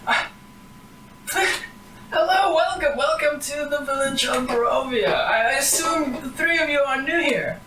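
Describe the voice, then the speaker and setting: A syrupy, high-voiced old granny pushing her pies on strangers, played by a man, sweet to the point of gushing. The voice sits far from the mic in a roomy space with a faint hiss behind it. Her pitch jumps up and down as she fusses over visitors. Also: unhurried. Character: cheery old village granny selling pies.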